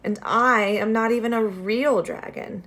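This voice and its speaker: A woman voicing a gentle, naive young male dragon who speaks earnestly and eagerly in a read-aloud storybook. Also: a little high, fairly even intonation, a little slow, voice pushed up. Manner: earnest, eager, a little wistful.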